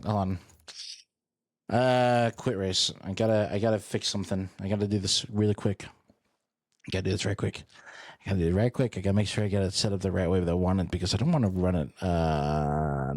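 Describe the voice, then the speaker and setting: A man's voice: deep voice, brisk, a little mellow, no room sound, clean studio sound. A young man streaming a racing game, chatting casually and goofily, repeating phrases for fun. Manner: goofy, repeats phrases playfully. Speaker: gaming streamer. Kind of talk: casual livestream commentary.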